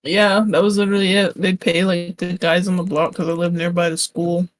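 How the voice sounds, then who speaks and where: A co-streamer tells anecdotes in relaxed chat and laughs often. The voice sits at a middle pitch. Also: a little fast, low-quality recording. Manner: storytelling with laughs.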